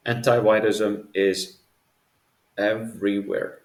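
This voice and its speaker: Male podcast co-host, low-ish voice, slow and halting, echoey room. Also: level tone. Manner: halting, many fillers and restarts. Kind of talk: casual religious discussion.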